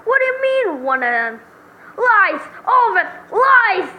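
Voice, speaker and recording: A woman voicing an excitable, heartbroken young man, reading game dialogue aloud with shrill, loud outbursts. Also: measured pace, full character voice. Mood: indignant.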